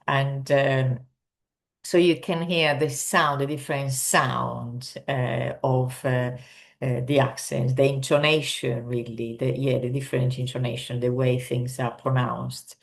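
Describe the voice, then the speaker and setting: A woman from Sardinia with an Italian accent, teaching in English in an unscripted talk full of ums, pauses and restarts. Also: extremely low pitch, little pitch movement, vocal fry. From Sardinia, Italy. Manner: hesitant, many ums and restarts.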